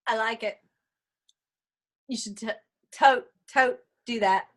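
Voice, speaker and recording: A woman's voice: fairly high pitch, takes it slowly, fairly bright tone. A woman chatting with a friend over a video call, cheering her on in a playful sing-song way. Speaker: guest friend. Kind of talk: casual chat.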